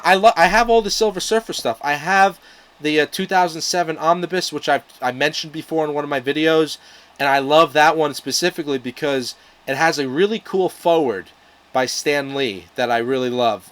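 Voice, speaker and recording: Young man, casual vlog, rambling, fillers, swearing, a bit out of breath, slightly higher voice. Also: normal speed, fairly bright tone, low-quality recording. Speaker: YouTube comics reviewer.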